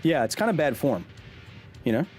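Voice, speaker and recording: Man streaming, chatty and joking, average pitch, soft game music behind. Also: very animated, normal speed. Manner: chatty, joking, reads chat aloud. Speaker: streamer and host. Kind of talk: casual live-stream chat reading chat.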